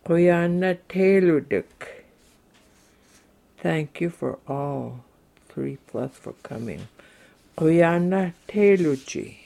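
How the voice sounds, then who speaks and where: A man teaching everyday phrases at a very slow, careful pace, saying each one in English and then in his native language. His voice is dark and gravelly, and he breaks the phrases into small pieces. It sounds like a patient lesson. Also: on the high side, lively intonation. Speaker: language speaker reading phrases.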